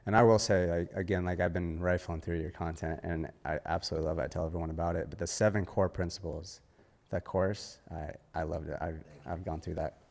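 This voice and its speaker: A man's voice: sits low, flat delivery, a little fast, vocal fry, a little mellow, long reverb tail. A man hosting a podcast interview, asking questions in an easygoing, somewhat hesitant way. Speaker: podcast host.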